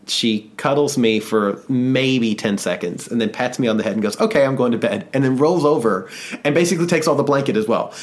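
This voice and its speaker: A man co-hosting a podcast, telling a personal story in a rambling, self-deprecating way with casual swearing. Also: on the low side. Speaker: podcast co-host.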